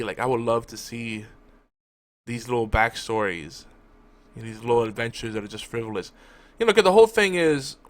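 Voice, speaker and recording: A man talking casually as a podcast host, recapping a TV episode with lots of restarts and asides. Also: fairly bright tone. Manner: rambling, with frequent restarts and fillers; talks to his cat in a high cooing voice. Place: home room at a desk.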